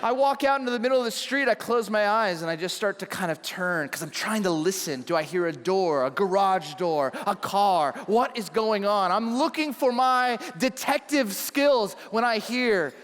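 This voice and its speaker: A man in his thirties preaching a sermon, acting out his own story with lively shouts and hushed asides. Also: high-pitched, moderate pace, few pauses. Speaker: pastor. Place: large church hall. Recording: long church hall reverb.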